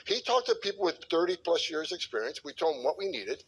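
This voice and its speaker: A blunt, heated middle-aged man with a slightly raised pitch talks in a forceful way, stumbling and repeating himself as he pushes his point. A faint hiss of noise runs under the recording. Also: expressive, fast, hardly any pauses, low-quality recording. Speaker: former border enforcement official. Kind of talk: clip of a talk or interview.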